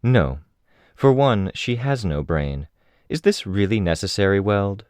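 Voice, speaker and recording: A man voicing a calm, unruffled woman doctor in an audiobook, speaking in a civil, pleasant way. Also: on the low side, a little slow, no room sound, clean studio sound, pitched above the performer's own voice. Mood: composed.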